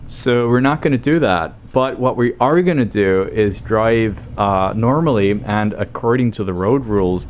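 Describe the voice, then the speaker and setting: A man's voice: fairly low pitch, moderate pace, hardly any pauses, muffled recording, a little hiss or hum. An Australian man chatting casually as a livestreamer over gameplay, rambling and joking with plenty of swearing. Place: home streaming setup.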